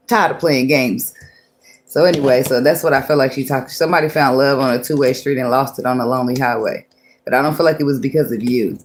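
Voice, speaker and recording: Her voice rumbles low and sounds a little mellow, with a faint hiss or hum behind it. She's a tarot reader doing a casual reading, musing aloud, laughing and swearing freely, and repeatedly restarting what she was saying.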